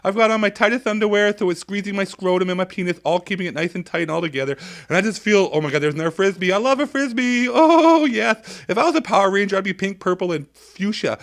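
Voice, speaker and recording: A man's voice: expressive, fairly quick, a bit bright. Hyper, crude male game commentator. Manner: hyper and crude, swinging between squeaky highs and low mutters. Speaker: gameplay commentator.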